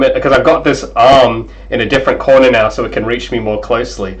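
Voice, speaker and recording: A young man streaming as a game developer, chatting casually and excitably, apologizing often, over a cheap gaming headset mic. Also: medium pitch, fast talker, few pauses, low-quality recording. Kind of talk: casual livestream chat.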